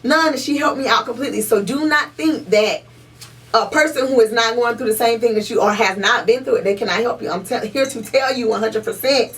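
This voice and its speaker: A young woman with a somewhat high voice co-hosts a podcast in loose, heated chat. She swears freely and hammers her points home through repetition. She sits a little back from the mic, so the sound is slightly distant. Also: fairly quick, a bit bright. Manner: emphatic and profane, repeats points for stress. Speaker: podcast co-host. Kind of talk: casual chat. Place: podcast room.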